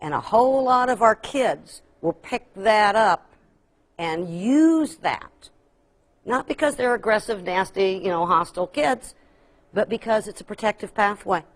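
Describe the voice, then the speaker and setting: A middle-aged woman giving a training workshop, lively and humorous, acting out kids' voices and dropping folksy asides. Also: medium pitch, a little slow. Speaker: workshop presenter. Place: workshop room.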